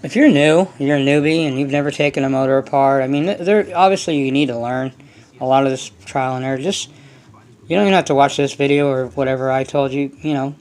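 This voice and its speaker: A man's voice: mid-range voice, fast talker, darkish tone. Casual guy rambling about his motor, medium voice, lots of ums and restarts. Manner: rambling, loose, many fillers. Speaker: hobby channel host. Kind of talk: casual workshop explanation.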